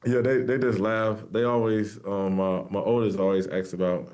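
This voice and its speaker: A man in his thirties giving a casual interview as a football player. He speaks in a soft-spoken, laid-back way and fills his sentences with ums. His voice sits very low. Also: fairly even intonation, fairly quick, hardly any pauses.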